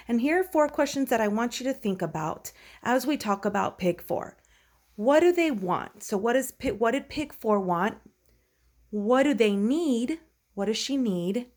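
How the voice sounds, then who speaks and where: A woman teacher giving a recorded lesson to children, patiently explaining and asking many questions. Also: on the high side.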